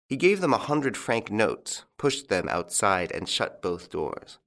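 A man narrating a classic detective story as an audiobook, in a measured storytelling manner. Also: fairly low pitch, sing-song, vocal fry, a bit bright.

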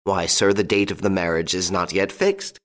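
A man playing a suave gentleman thief, teasingly courteous and smooth. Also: deep voice, steady tone, moderate pace. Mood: mock-polite.

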